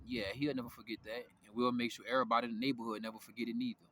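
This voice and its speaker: A man's voice: medium pitch, steady tone, racing, few pauses. A young man telling a story in a rambling, profane monologue, full of slang and restarts. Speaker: vlogger. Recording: noisy background.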